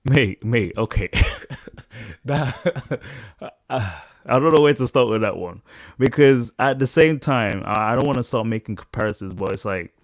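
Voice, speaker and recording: A man from the UK talking casually on a podcast panel, animated and halting with restarts. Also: mid-range voice, dry recording. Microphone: headset over video call.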